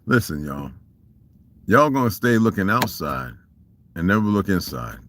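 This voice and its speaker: Southern guy ranting on a live stream, cussing a lot, laughs a lot, pitch all over. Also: big pitch swings, a little slow, a bit bright, slight background noise. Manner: profane, emphatic, laughs often. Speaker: livestream host. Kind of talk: casual rant.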